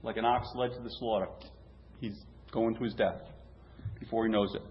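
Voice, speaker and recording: A man's voice: on the low side, fairly even intonation, normal speed. A man preaching a sermon in a conversational way, asking rhetorical questions and restarting phrases. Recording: roomy, dull, lo-fi with faint hum.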